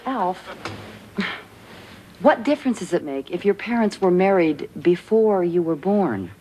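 A woman acting a calm, reasonable sitcom mother in a 1980s show. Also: fairly low pitch, measured pace. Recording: noisy TV audio.

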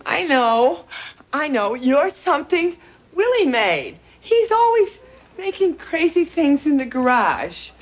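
An older woman playing a sharp, indignant grandmother in a sitcom, with a complaining manner. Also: sits high, big pitch swings, slow, full character voice. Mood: startled. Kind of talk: sitcom acting.

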